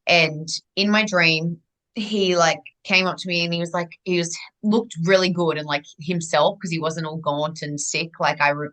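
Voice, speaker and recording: Bright-voiced young woman, rambling and animated. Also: fairly low pitch, normal speed, low-quality recording. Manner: rambling and animated, with many restarts. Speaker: guest. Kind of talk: casual conversational storytelling.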